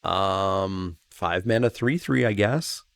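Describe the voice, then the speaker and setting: Male channel host, low and gravelly, dry close sound, casual musing card review. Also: slow pace, fairly bright tone, no echo. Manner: reads card text plainly, then muses with hedging asides. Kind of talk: casual solo review commentary.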